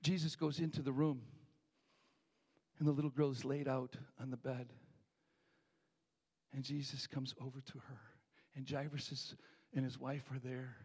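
A middle-aged man preaching a sermon, telling a story with animated acted voices and hushed moments. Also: medium pitch, moderate pace, husky. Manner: animated storytelling, acting out voices, dropping to near whispers. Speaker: pastor.

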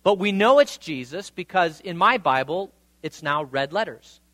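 A man delivers a sermon in a high, bright voice, alternating scripture reading with loose, chatty retellings. The sound is dry and close, with no room around him. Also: animated, moderate pace, no room sound. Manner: conversational, retells scripture in casual paraphrase. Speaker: pastor.

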